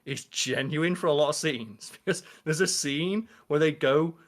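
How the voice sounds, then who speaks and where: A man's voice: on the high side, normal speed. A man with a Liverpool accent co-hosting a podcast in casual chat, telling rambling, jokey stories. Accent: Liverpool (Scouse). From England. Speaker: podcast co-host.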